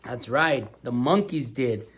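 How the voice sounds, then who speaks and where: A man reading a children's storybook aloud in two languages, pausing to ask his listeners questions in a patient, teacherly way. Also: medium pitch, expressive, a bit bright, a little hiss or hum. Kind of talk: bilingual storybook read-aloud.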